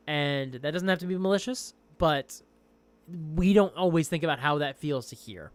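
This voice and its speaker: A young man chatting casually on a livestream as a game master, rambling and excitable. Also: fairly high pitch, moderate pace.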